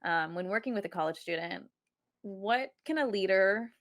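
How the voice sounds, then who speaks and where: A woman's voice: medium pitch, lively intonation, moderate pace. A woman co-host asking questions in a conversational interview, reflective and full of fillers.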